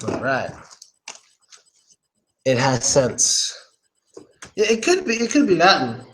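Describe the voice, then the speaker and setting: A man's voice: mid-range voice, wildly swooping pitch, takes it slowly, fairly bright tone, slight background noise, low-quality recording. A young man giving a casual, chatty English pronunciation lesson, drilling words over and over. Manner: chatty, loose, repeats words.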